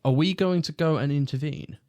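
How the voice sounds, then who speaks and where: A man playing a tabletop game in character, speaking in a formal, measured way. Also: fairly high pitch, darkish tone, dry recording. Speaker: player.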